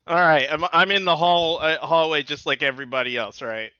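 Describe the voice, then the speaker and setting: A man playing a character in a tabletop game, animated and given to swearing. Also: on the high side, brisk, smooth, no echo, lo-fi sound. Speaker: player. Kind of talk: tabletop role-play.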